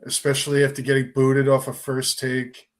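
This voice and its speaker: Measured man making his case. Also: mid-range voice, monotone. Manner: measured, lays out arguments step by step. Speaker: podcast co-host. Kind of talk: casual sports talk. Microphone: remote call over a livestream.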